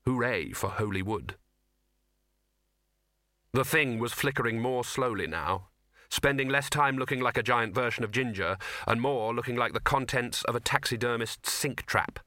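A man reading an audiobook as narrator, in a measured, dry storytelling manner. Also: medium pitch, pushed and bright, no room sound. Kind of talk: scripted narration.

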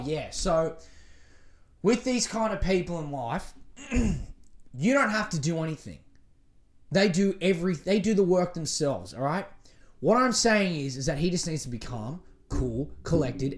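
A podcast host rambling through a casual solo monologue, swearing freely and poking fun at themselves. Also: medium pitch. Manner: profane, rambling, self-mocking; lively, swings between mutters and outbursts.

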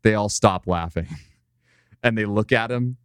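A man with a very low, smooth, resonant voice, recorded close and dry. He chats casually and profanely, piling up fillers as he retells a scene. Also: slow, dry recording. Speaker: podcast co-host. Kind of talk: casual chat.

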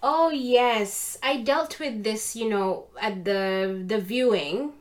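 A woman chatting casually, telling a story with lively acted-out voices of other people. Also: fairly high pitch, slow. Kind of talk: casual chat.

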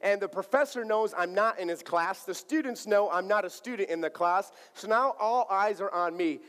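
A man with a high-pitched voice preaches from the pulpit, telling a story with playful energy and acting out each exchange. His voice rings through a big church sanctuary with a long trailing reverb. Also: moderate pace. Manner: animated, acts out dialogue playfully. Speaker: pastor. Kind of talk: sermon with personal storytelling.

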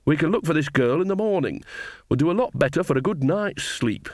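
A man's voice: fairly high pitch, expressive, brisk, dry recording, clean studio sound, pitched above the performer's own voice. A man doing a jolly, bawdy old witch. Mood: chatty.

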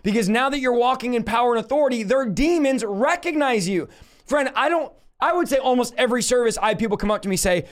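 High-voiced man preaching with force. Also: expressive, fast talker. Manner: forceful, emphatic preaching with sudden rebukes. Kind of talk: livestreamed teaching sermon.

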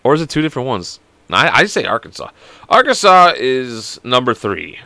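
A man's voice: mid-range voice, very animated, moderate pace, vocal fry, sharp tone, dry recording. A young man in his twenties hosting a solo podcast, rambling and joking with constant swearing. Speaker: podcast host. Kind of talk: casual solo podcast chat.

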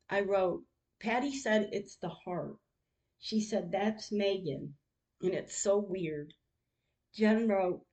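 A woman podcaster reads her text messages aloud, slowly and with deep feeling. Her voice sits at an ordinary middle pitch, and her delivery is emotional and heartfelt. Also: darkish tone. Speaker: podcast host.

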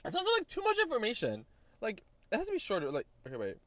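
A man in a parked car talks through silly would-you-rather questions with a friend. His pitch swings widely as he jokes, laughs and swears. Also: fast talker, dry recording. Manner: animated, laughing, swears casually. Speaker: podcast co-host. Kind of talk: casual chat in a car.

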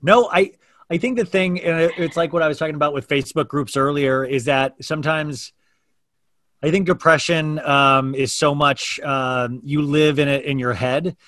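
A man's voice: medium pitch, a bit bright, no room sound, clean studio sound. A man hosting a daily podcast, talking openly in a casual, rambling way with many restarts. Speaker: podcast host. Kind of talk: casual chat.

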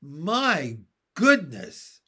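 A man voicing a jolly elderly uncle, hearty and booming, talking through fits of laughter. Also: wildly swooping pitch, drawn-out words, pushed and bright, husky, exaggerated voice. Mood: jovial.

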